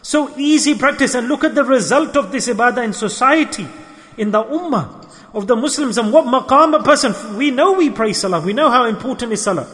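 Male preacher, fervent storyteller, bright edgy voice, reverberant hall. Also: very high-pitched, expressive, a little fast. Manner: fervent, storytelling, repetitive exclamations. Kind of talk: sermon.

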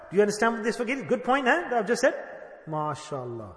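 A man's voice: high voice, sing-song, fast, a bit bright, echoey room, big-room sound. A man giving a sermon as a spiritual teacher, asking the listeners questions and acting out little dialogues. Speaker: sufi shaykh preacher.

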